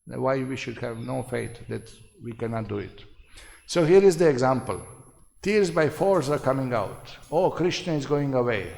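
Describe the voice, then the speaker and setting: In a reverberant hall, a man with a creaky, slightly mellow mid-range voice gives an unhurried devotional seminar lecture. As a spiritual teacher, he speaks emphatically, repeats phrases, and often asks "no?"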